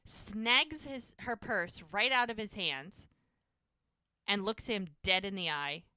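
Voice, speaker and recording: A woman's voice: mid-range voice, slow, smooth, dry recording. A woman hosting a podcast, chatting casually as she recaps a TV episode and acts out the scenes. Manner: animated storyteller acting out scenes. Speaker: podcast host.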